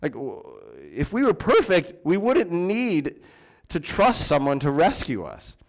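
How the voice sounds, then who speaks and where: A man's voice: fairly high pitch, wildly swooping pitch, unhurried. A man preaching a sermon in a church, in a conversational way with fillers and restarts. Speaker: pastor.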